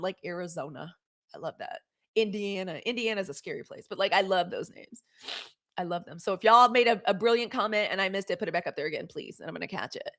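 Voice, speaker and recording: Her medium-pitched voice moves at a quick pace as she hosts a relaxed livestream. Animated throughout, she talks commentary and reads out the live comments as they come in.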